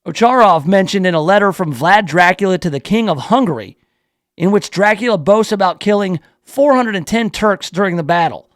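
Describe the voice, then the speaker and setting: A man's voice: high-pitched, lively intonation, brisk, no room sound. A male radio talk show host reading a news story aloud in a playful, riffing way, drawing out words for emphasis in his studio.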